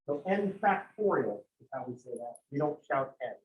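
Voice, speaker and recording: A man's voice: medium pitch, sing-song, moderate pace, narrow, tinny audio. A man teaching a math class in a casual lecture style, with joking, digressive asides. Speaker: math instructor.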